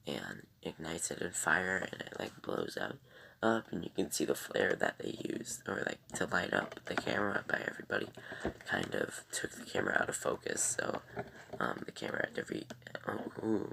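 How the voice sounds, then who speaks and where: A man's voice: low-pitched, creaky, a bit bright, slight background noise. A man reviewing a TV episode in casual, rambling chat, full of ums and sighs.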